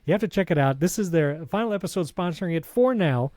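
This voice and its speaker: A man's voice: a little high, expressive, a little mellow, dry recording. A man co-hosting a tech podcast, chatting casually and reading a sponsor spot with enthusiasm. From Hispanic background. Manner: enthusiastic, reads sponsor spots with quick asides. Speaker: podcast co-host.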